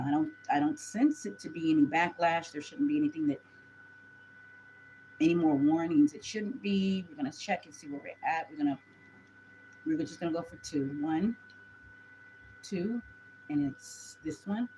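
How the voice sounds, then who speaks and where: A woman's voice: low-pitched, darkish tone, slight background noise, low-quality recording. A woman gives a chatty live tarot reading, talking straight to her viewers. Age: 40s. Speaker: tarot reader.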